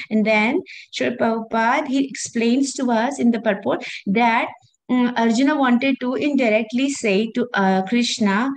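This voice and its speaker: High-voiced woman teaching kids a scripture story. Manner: halting, many fillers, asks the class questions. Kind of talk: storytelling lesson for children.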